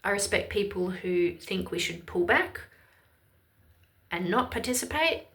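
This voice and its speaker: An Irish woman delivers ranting political commentary to camera. Her voice sits at a middling pitch, and she sounds heated, emphatic and openly exasperated. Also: expressive, measured pace, fairly bright tone. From Ireland.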